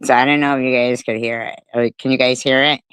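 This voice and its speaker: A woman's voice: very deep voice, fairly even intonation, fast talker, a bit bright, a little hiss or hum. A woman reacting on a live stream, amused and laughing as she talks to her viewers. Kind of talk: casual reaction commentary.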